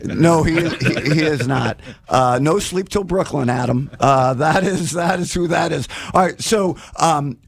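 A man's voice: a little high, measured pace, gravelly, hardly any pauses, slightly rough. A man hosting a radio fundraiser in a studio, talking enthusiastically and rambling with many "um"s and "uh"s. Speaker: radio host. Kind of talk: casual fundraising radio chat.

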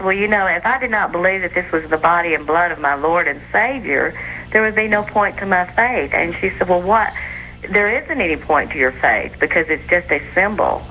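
A woman's voice: lowish voice, pushed and bright. A woman in her forties calling a radio show, earnestly recounting an argument over a phone line. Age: 40s. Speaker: caller. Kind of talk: telling her story on a call-in show. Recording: telephone line with faint noise.

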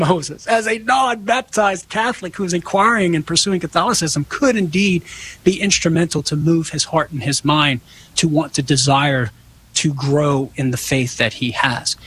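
A fairly high-voiced man answering callers in a relaxed, conversational way. He slips into little acted-out bits of dialogue as he explains. Faint noise sits under the voice. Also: rough recording. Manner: conversational, acts out quoted dialogue. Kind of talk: casual call-in radio talk.

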